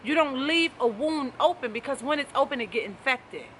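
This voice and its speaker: A woman's voice: sits high, lively intonation, a little fast, a little hiss or hum. A woman life coach giving an emphatic, preachy motivational talk to camera, repeating her key phrases.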